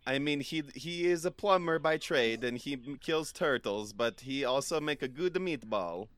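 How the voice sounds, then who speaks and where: A man's voice: medium pitch, lively intonation, normal speed, a bit bright, no echo, lightly acted. A man improvising as a clumsy, rude waiter with a shaky put-on accent, rambling. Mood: deadpan. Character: clumsy rude male furniture-store restaurant waiter. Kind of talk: improv comedy scene.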